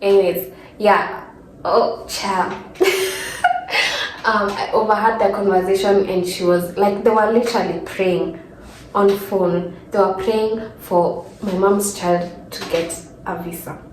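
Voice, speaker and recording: In her twenties and Kenyan-accented, a vlogger sits in her room telling a rambling, filler-heavy story while on the verge of tears. Her voice is mid-range, steady, measured and slightly mellow, captured in poor, roomy audio with a faint hum.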